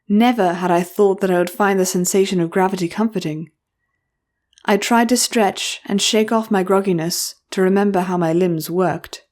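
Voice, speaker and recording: A woman reading a first-person fantasy audiobook in a measured, expressive storytelling voice. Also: on the low side. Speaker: audiobook narrator.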